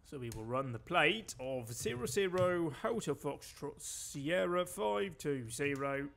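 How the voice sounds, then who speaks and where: A British man streaming and talking over his gameplay, his voice sitting a little higher than most men's. He keeps up a loose, chatty running commentary and drops dry, wry remarks. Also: lively intonation, measured pace, gravelly, a bit bright. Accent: British English.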